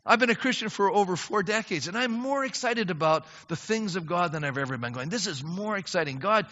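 A man's voice: sits high, animated, fairly quick, sharp tone. An older man preaching a sermon as pastor, earnest and emphatic, often rising into fervent prayer. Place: church sanctuary. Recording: dull lo-fi sound in a reverberant hall.

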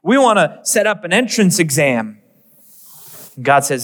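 A young man preaching a sermon as a pastor, earnest and emphatic, with dramatic pauses. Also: a little high, big pitch swings, fairly bright tone. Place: church sanctuary. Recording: long reverb of a church hall.

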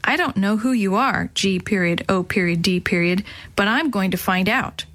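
A woman's voice: mid-range voice, moderate pace, a bit bright, natural voice. A woman voicing a curious, determined young boy in a children's audiobook, speaking eagerly.

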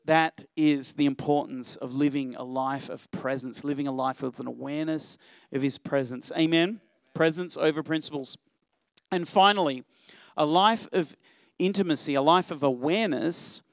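A middle-aged man preaching a church sermon, animated, asking rhetorical questions and swinging between loud urging and quiet reflection. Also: on the high side, dry recording. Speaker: pastor.

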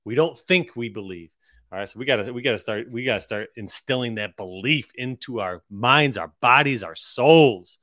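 A man co-hosting a podcast, talking in an energetic, preachy way and repeating phrases for emphasis. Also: mid-range voice, normal speed, dry recording, studio quality. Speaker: podcast co-host. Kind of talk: motivational podcast talk.

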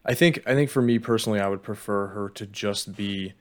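A man's voice: fairly low pitch, a little fast. A man co-hosting a casual podcast chat, thinking aloud with hesitant fillers. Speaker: podcast co-host.

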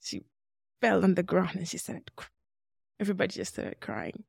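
A woman's voice: fairly low pitch, very animated, normal speed, gravelly, a little mellow, husky, no room sound, studio quality. A woman in her twenties from Congo, a guest telling her life story in an interview and acting out remembered dialogue. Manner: earnest, acts out remembered dialogue. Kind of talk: personal storytelling in a podcast interview.

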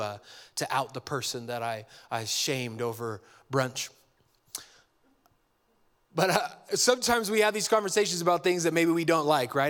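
Male pastor, sermon delivery, fairly high voice, conversational, playful asides. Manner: conversational and animated, jokes and acts out dialogue.

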